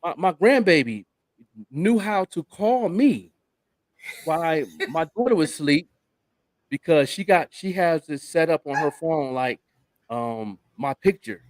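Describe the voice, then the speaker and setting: Older guy hosting a radio chat, kinda high voice, bouncy storyteller, dry close mic. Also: a little slow, dry recording. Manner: animated storyteller, laughing often. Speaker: radio show host. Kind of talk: casual chat.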